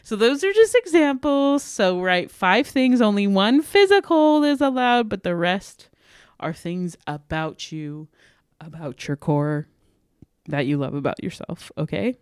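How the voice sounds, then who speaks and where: A young woman hosting a podcast, talking earnestly and warmly about self-worth, often breaking into light laughter. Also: mid-range voice, animated, measured pace, clear, resonant tone, no room sound, studio quality. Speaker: podcast host. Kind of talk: encouraging self-worth talk.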